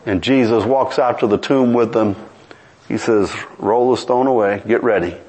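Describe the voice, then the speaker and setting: A man's voice: moderate pace, low-quality recording. A man preaching a sermon, telling scripture stories with dramatic swings and quoting the characters. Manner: animated storytelling with quoted voices; dramatic swings in pitch and pace.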